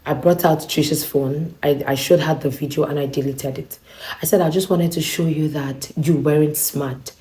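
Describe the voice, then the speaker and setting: Young woman, low voice, warm tone, animated storyteller, vlog. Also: normal speed. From Nigeria. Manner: animated, acts out both sides of the quarrel. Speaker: vlogger. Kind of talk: storytelling to camera.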